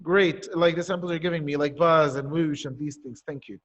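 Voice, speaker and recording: A man's voice: fairly high pitch, steady tone, brisk, a bit bright. A male teacher giving an online poetry lesson, explaining step by step and asking and answering his own questions. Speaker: primary school teacher.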